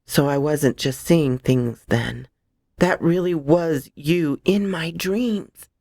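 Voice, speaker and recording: A woman's voice: low voice, slow pace, creaky, dark tone, dry recording, studio quality, heavily acted. A woman voicing a terrified young woman who urgently demands answers. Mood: urgent, scared. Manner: urgent and insistent.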